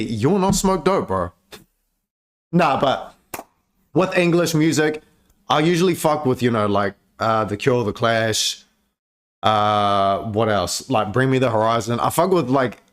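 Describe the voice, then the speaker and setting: A man giving casual, profane reaction commentary on music, chatty and laid-back with lots of filler words. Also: mid-range voice.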